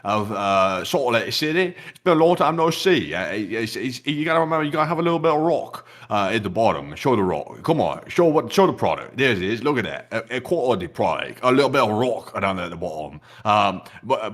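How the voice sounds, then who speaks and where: A man's voice: mid-range voice, very animated, fast talker, hardly any pauses, pitched below the performer's own voice. A man voicing a male marmot in a faltering mock British manner, stammering and calling the listener "Governor". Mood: chummy.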